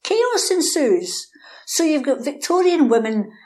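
A woman telling a local story in a lively, animated way, acting out the characters. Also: high-pitched, measured pace. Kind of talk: anecdotal storytelling.

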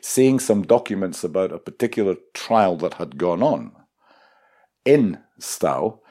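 A man's voice: deep voice, expressive, a little slow, warm tone. A man interviewing a guest, asking questions in a conversational way.

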